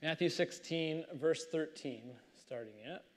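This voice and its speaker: Male pastor, slightly high voice, animated reading and sermon commentary. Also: measured pace. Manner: animated storytelling, reads scripture then comments conversationally.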